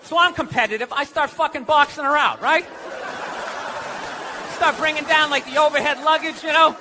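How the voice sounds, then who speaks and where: Loud ranting male stand-up comic. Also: very high voice, normal speed, noisy background. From United States. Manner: ranting, sarcastic, often shouting. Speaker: stand-up comedian. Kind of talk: stand-up comedy set. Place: comedy club stage before an audience. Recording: live club recording with crowd laughter.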